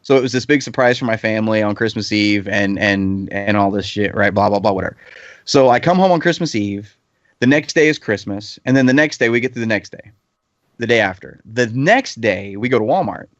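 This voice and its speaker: A man's voice: lowish voice, brisk, dry recording. Profane man telling a heated story. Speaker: podcast panelist. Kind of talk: casual storytelling chat. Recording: slightly dull lo-fi podcast audio.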